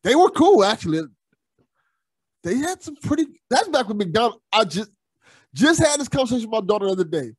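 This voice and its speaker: Male podcast host, high-pitched and animated; casual, reads off numbered questions. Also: brisk, long pauses, husky. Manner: laughs along, asks questions from a list.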